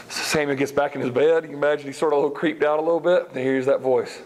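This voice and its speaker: A man teaching a Bible study class, retelling stories in a lively way and speaking directly to the group. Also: fairly high pitch, rapid-fire, few pauses, rough recording. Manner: lively storytelling, acts out characters, talks to class directly.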